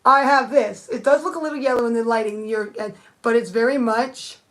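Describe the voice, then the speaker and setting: A woman's voice: on the high side, a little fast, a bit bright. A young woman thinking aloud in a rambling, casual live-stream chat, answering viewers with many restarts. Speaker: nail art streamer.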